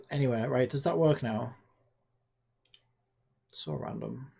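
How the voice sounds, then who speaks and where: A woman with a rumbling low, gravelly, slightly rough but somewhat mellow voice speaks slowly while streaming her game coding. Chatting casually, she sarcastically swears at and scolds an AI chatbot out of exasperation.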